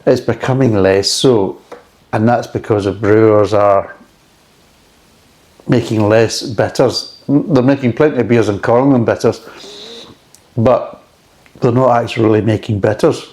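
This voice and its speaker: A man's voice: on the low side, measured pace, long pauses, darkish tone. A middle-aged man chatting casually and frankly as he reviews a beer, rambling between thoughts.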